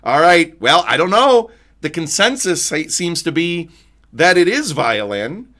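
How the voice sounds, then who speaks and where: Bright, animated male trivia host. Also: on the high side, a little slow. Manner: playful, jokey, reads chat messages aloud. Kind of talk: live-streamed trivia game hosting.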